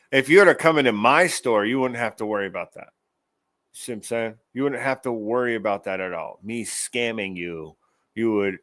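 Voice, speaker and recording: A man's voice: mid-range voice, a bit bright, no echo. A man hosting his own show, giving rambling, profane commentary in a casual ranting manner. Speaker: show host.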